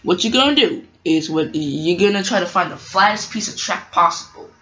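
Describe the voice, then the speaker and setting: A woman voicing a kindly older male engine who gives advice in rambling, halting explanations, on a dull lo-fi recording with faint hiss. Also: fairly low pitch, animated, pushed and bright, reverberant. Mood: helpful.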